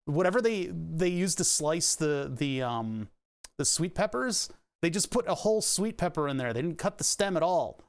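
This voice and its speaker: A man's voice: a little high, lively intonation, moderate pace, gravelly. A man streaming casually while he works on a craft project, rambling and restarting sentences and laughing at puns as he talks to his chat. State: hiccuping, heartburn.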